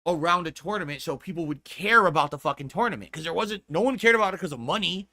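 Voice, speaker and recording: A man's voice: high-pitched, lively intonation, fast talker, pushed and bright, no echo. A streamer in a played clip, a man rambling about his past in casual talk, repeating himself and swearing freely. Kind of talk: casual storytelling.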